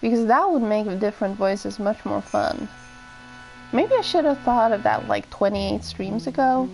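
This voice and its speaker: A woman's voice: medium pitch, expressive, unhurried, gravelly, a little mellow, soft background music, low-quality recording. A woman streaming a game, chatting and musing aloud in casual commentary. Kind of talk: casual let's-play commentary.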